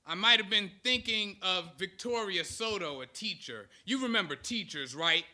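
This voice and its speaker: A man's voice: sits high, animated, moderate pace, bright, forceful tone. A man in his thirties giving a motivational speech to an audience, rousing them with call-and-response chants. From United States. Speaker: speaker.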